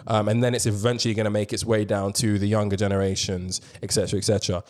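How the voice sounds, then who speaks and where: Animated man hosting a podcast. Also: on the low side, fast talker. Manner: animated, swearing, slangy. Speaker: podcast host. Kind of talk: casual podcast chat.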